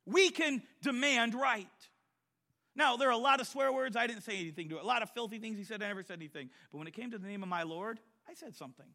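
A middle-aged man preaching a sermon, telling personal stories and swinging from quiet storytelling to loud exhortation. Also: high voice, lively intonation, racing, vocal fry, few pauses. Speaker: pastor.

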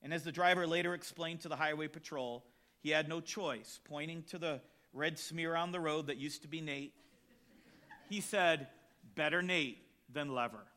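A man preaching a sermon from a church stage, telling jokes and stories in an expressive way. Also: a little high, moderate pace. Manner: storytelling, tells jokes from the pulpit, expressive. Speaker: pastor.

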